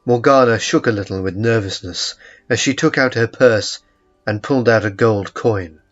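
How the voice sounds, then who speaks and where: A man narrating a first-person story in a slow, measured storytelling manner. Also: on the low side, fairly bright tone. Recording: muffled lo-fi recording with faint music.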